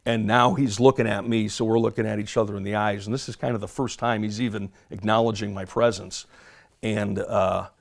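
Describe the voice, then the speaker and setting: Gravelly-voiced man recounting a memory. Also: lowish voice, steady tone. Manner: halting, detailed, measured recollection with many fillers. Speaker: former police officer recounting an event. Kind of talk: storytelling in an interview.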